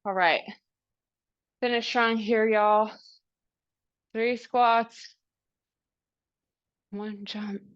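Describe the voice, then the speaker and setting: Upbeat female fitness coach, slow-paced cues. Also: a little high, little pitch movement, clear, resonant tone. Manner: upbeat, encouraging cues with countdowns. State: out of breath. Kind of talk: live workout class instruction. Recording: dull lo-fi recording.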